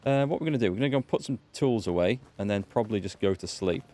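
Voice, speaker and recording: Chatty low-voiced gamer. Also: male voice, expressive, quick pace, warm tone. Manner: chatty, rambling, wry asides. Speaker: let's play gamer. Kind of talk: casual gameplay commentary.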